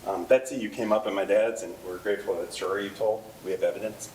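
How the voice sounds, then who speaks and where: Rambling low-voiced man giving a eulogy. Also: fairly even intonation, fast, a little mellow, slight background noise, rough recording. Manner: rambling, conversational, with frequent fillers and laughs. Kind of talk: memorial speech with anecdotes. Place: memorial service hall.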